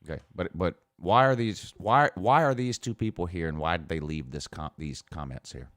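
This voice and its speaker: Male show host with a very deep voice, casual and mocking, reading viewer comments in a dry, close recording. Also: moderate pace, a bit bright, no room sound. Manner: mocking, laughs often while reading. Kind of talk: casual chat.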